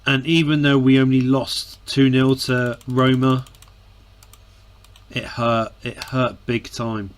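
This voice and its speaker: Slow-talking man commentating a football game. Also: mid-range voice, level tone. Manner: emotional, sighing and groaning, bursting into shouts; repeats and restarts words. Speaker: gaming commentator. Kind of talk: casual let's-play commentary.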